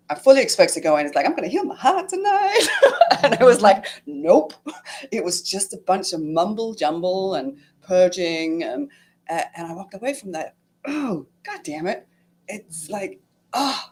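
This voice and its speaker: Middle-aged woman, low voice, casual storytelling, emotional, lots of fillers. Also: a little mellow. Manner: emotional, many fillers and acted-out inner quotes. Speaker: guest sharing her retreat experience.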